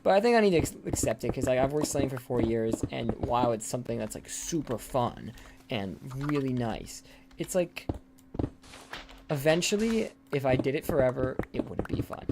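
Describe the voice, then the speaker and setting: A young man casually chatting while playing a game on stream, rambling and swearing offhandedly, sometimes dropping his voice low. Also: lively intonation, normal speed, pauses often, very noisy. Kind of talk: casual gameplay chat. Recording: clear background typing and clicks.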